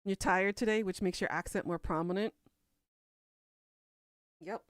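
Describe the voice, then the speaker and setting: A woman from Kentucky with a Southern accent hosts a relaxed podcast, talking through viewer comments in a rambling, chatty way. Her voice is smooth and clear at a middling pitch. The recording is dry and close, with no room sound. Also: a little slow, no echo. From Kentucky, USA. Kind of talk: casual chat.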